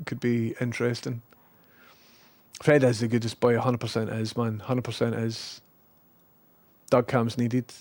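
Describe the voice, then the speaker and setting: A man's voice: darkish tone, no room sound. Scottish man chatting to his dogs. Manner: talks to his dogs in a high sing-song voice, then drops to low muttered asides. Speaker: streamer. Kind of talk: casual chat with his dogs. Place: home room.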